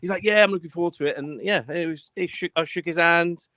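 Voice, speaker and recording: A man telling stories in a casual live-stream chat, animated and full of swearing, acting out what people said. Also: fairly high pitch, fast talker, dry recording. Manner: animated storyteller, swears a lot, acts out quotes.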